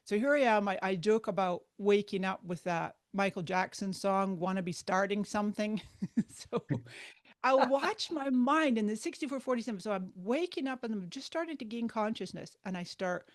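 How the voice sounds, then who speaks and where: A woman chatting as an interview guest in an animated, warm-hearted way, breaking into laughter often. Her voice sits mid-range and sounds close and dry, with no room around it. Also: mid-range voice, normal speed, no echo. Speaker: guest speaker. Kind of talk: casual interview talk.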